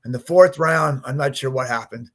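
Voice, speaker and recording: Male podcast guest, fifties, mid-pitched, animated storyteller who acts out the dialogue. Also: normal speed. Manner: animated storyteller, acts out his own quotes, laughs often. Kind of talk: storytelling interview.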